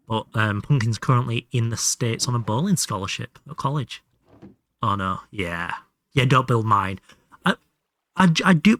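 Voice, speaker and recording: A man's voice: medium pitch, fairly bright tone, no echo. Dry-miked Hull-accented young man streaming. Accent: Hull Yorkshire English. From Hull, England. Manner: chatty, swearing, laughing asides. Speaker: livestream gamer. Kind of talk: casual live game commentary.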